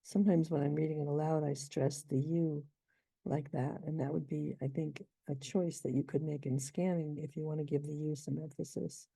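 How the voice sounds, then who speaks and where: A middle-aged woman poet, reading her poem slowly and then explaining its meter in a thoughtful, measured way. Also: sits low, fairly even intonation, gravelly, warm tone, slightly rough, no room sound.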